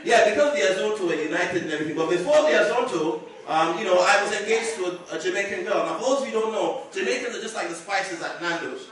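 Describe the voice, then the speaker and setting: High-voiced man doing stand-up, echoey club. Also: expressive, fast talker, hardly any pauses, a bit bright. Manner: chatty, teasing, laughing through the jokes. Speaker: stand-up comedian. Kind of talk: stand-up comedy. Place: comedy club stage. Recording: echoey room from far off with crowd. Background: audience laughter.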